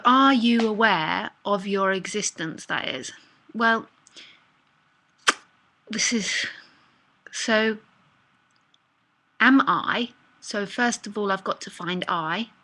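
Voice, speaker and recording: A woman's voice: medium pitch, pushed and bright. A woman with an English accent, a spiritual teacher casually reading and answering listener questions, thinking aloud with rhetorical questions. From England. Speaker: spiritual teacher hosting live talks.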